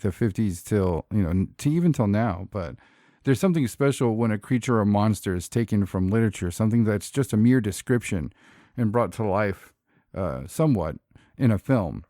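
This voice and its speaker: A man co-hosts a podcast, keeping the casual chat jokey and profane and laughing often. His voice is on the low side with a dark tone. The studio recording is clean, without any room sound.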